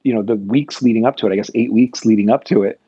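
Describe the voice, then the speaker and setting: A man's voice: lowish voice, fast talker, dark tone, husky, no echo. An American man in casual political chat, rambling and thoughtful with many fillers and restarts, on a dull lo-fi recording. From United States.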